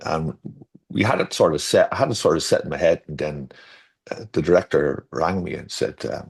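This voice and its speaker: Low-voiced man telling rambling stories. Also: animated, normal speed, creaky, breathy edge. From Ireland. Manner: rambling and self-correcting, with storytelling asides. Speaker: garden designer guest. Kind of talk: casual interview chat.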